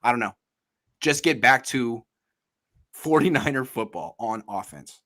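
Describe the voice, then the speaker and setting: A man's voice: medium pitch, animated, a little slow, bright, forceful tone. A man hosting a casual sports podcast, talking in an emphatic, jokey way and repeating himself for effect. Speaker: podcast host.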